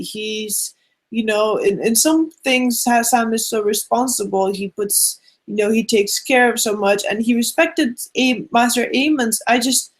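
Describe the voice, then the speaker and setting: Earnest woman with a higher voice. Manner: earnest, insistent. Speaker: podcast panelist. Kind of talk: casual book discussion.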